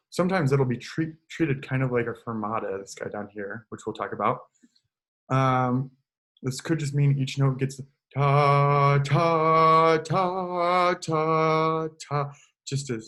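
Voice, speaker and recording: A choir director with a medium-pitched voice leads an online choral lesson, explaining concepts in an easygoing way. Every so often he sings a short example into his computer microphone.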